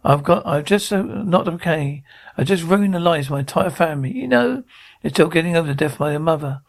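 Guilt-ridden widowed father, rambling, anxious, self-blaming, gravelly high voice, TV drama. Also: lively intonation, a little fast. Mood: despairing. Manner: self-reproaching, rambling confession. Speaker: father of teenagers. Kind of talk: TV drama acting.

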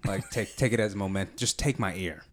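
A man's voice: deep voice, a little fast. A man co-hosting a podcast, chatting casually and joking with frequent laughs. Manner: animated, jokey, laughs often. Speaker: podcast co-host. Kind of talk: casual chat.

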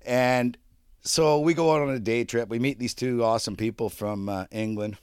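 Man, podcast co-host, casual profane storytelling, dry close sound, middle pitch. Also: fairly even intonation, normal speed, a little mellow, clear, resonant tone, no echo. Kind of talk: casual chat.

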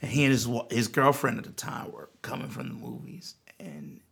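A man guest telling a long personal story in an interview, earnest and animated, often restarting his sentences. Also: mid-range voice, moderate pace, creaky, slightly rough. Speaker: musician guest.

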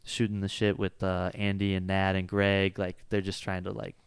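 Smooth-voiced man in rambling casual chat. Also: deep voice, monotone, moderate pace, no echo. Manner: rambling, heavy use of "like" and "you know". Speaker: jiu-jitsu coach and gym owner.

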